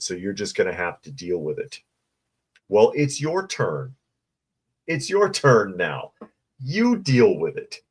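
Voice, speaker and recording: A man hosting a casual livestream, reading news and viewer comments aloud and adding snarky asides. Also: deep voice.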